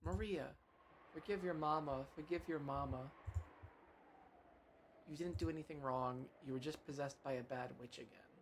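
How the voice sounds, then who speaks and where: A man's voice: on the high side, moderate pace, long pauses, a little hiss or hum, lightly acted. A man voicing an anguished young mother who begs her daughter's forgiveness in a tearful, pleading way.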